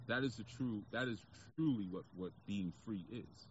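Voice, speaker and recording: A man's voice: lowish voice, animated, unhurried, few pauses, lo-fi sound, a little hiss or hum. A man with a New York accent giving a casual spiritual talk to camera outdoors, reflective and preachy, with frequent fillers. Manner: reflective, preachy, conversational, with frequent "you know". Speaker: spiritual speaker.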